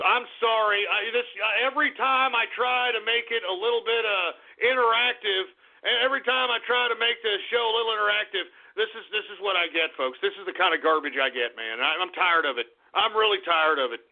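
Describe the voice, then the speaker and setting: Angry ranting radio host, gravelly voice. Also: male voice, high-pitched, fairly quick. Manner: angry, ranting, swearing, repeating himself. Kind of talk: live talk radio rant. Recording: tinny phone-like lo-fi radio recording.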